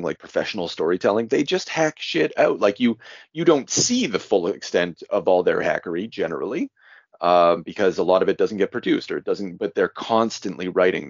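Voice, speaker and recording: With a fairly low, creaky voice and no room sound, a man co-hosts a podcast in casual chat. He rambles and hedges with a wry edge, and the recording is dull and dry.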